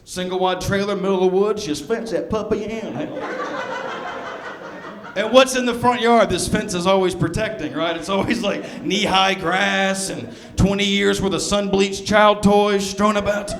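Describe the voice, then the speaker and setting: A man with a mild Southern accent and a fairly high voice works a stand-up set, wry and sardonic, throwing asides at the crowd. His voice rings a little in an echoey club room. Audience laughter keeps breaking in behind him. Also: steady tone, normal speed. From Southern US, near Birmingham, Alabama. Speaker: stand-up comedian. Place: comedy club stage.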